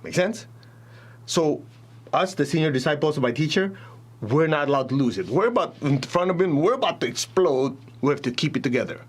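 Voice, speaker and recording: A man's voice: fairly high pitch, a little fast, breathy edge. A man teaching a spiritual talk, telling stories animatedly and speaking straight to his audience. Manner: animated storytelling, addresses audience directly.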